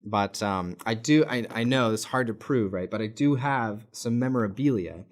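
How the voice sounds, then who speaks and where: A man's voice: lowish voice, moderate pace. An American man in his thirties hosting a fan channel, talking casually to camera with lots of filler words. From United States. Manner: chatty and rambling, many filler words.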